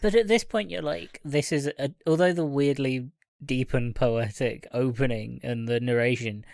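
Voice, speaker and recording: A man's voice: medium pitch, moderate pace, vocal fry, darkish tone, no room sound, studio quality. A man co-hosting a film podcast, retelling the plot in a laid-back way and laughing along. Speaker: podcast co-host.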